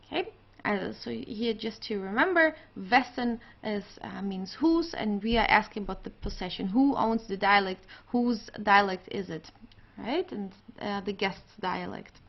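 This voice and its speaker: A woman's voice: medium pitch, unhurried, vocal fry, muffled recording. A woman teaching an online language grammar lesson, explaining patiently with frequent fillers and restarts. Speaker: German teacher.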